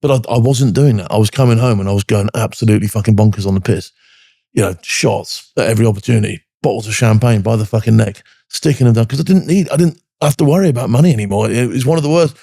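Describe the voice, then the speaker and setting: Fast-talking gravelly man, blunt. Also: lowish voice, mellow, dry recording, studio quality. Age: 40s or older. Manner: blunt, heavy swearing, frequent "do you know what I mean". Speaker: guest, military veteran. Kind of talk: candid podcast interview.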